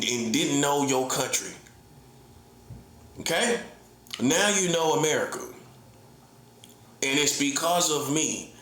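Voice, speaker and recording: A middle-aged man preaches his point in a combative, repetitive monologue, hammering the same lines again and again. His voice sits a little high for a man. The recording is roomy, with a noticeable echo around him. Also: a bit bright. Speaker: self-styled prophet. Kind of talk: heated online monologue. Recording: echoey room.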